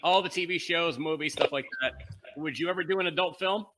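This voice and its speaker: A man hosting a casual interview, joking and firing quick questions. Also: on the high side, bright, forceful tone, slight background noise. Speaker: host.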